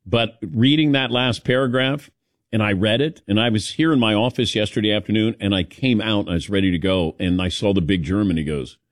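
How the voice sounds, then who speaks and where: A man's voice: lowish voice, brisk, no room sound, clean studio sound. A man hosting a talk radio show, chatting casually with his co-hosts and taking calls from listeners. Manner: warm storytelling, takes callers.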